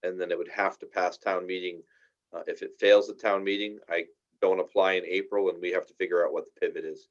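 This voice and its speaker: A man's voice: low voice, little pitch movement, fairly quick. A man explaining a school project's timeline to a town finance board, talking at length with many fillers. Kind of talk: public meeting discussion. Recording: dull lo-fi meeting audio.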